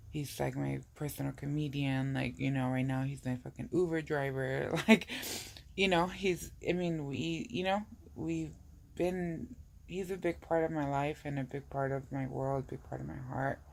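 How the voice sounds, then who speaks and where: A woman's voice: a bass voice, vocal fry. A woman talking in a casual personal vlog, rambling and full of "I was like" and "you know". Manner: emotional, tearful at times. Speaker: vlogger.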